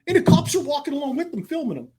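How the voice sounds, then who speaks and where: A man's voice: very high-pitched, sing-song, racing, warm tone. A man co-hosting a podcast, telling a travel story in casual chat and acting out the conversations he quotes. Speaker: podcast co-host.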